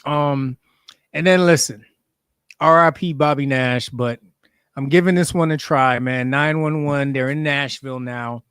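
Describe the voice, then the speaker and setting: A man co-hosting a podcast in an animated, slangy way, reading out viewer comments. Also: medium pitch, a little slow, clear, resonant tone, no echo, clean studio sound. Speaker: podcast co-host. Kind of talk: casual chat.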